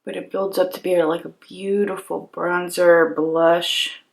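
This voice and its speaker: A woman's voice: lowish voice, measured pace, gravelly, rough recording. Chatty young woman beauty vlogger. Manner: animated storyteller, acts out exasperated quotes. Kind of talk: chatty get-ready-with-me storytelling.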